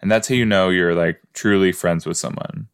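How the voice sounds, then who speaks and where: A man's voice: low-pitched, steady tone, normal speed, clean tone. A man hosting a casual watch-along podcast, chatty and full of exclamations, often trailing off mid-thought. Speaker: podcast host reacting to a sitcom.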